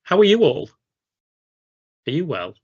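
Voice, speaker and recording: A man's voice: fairly high pitch, sing-song, a little slow, a little mellow, slightly rough. A man from England co-hosting a live training stream, chatting casually and rambling off track on a video call. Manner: rambling, chatty, self-deprecating. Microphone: studio mic on a video call. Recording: slightly dull lo-fi stream audio.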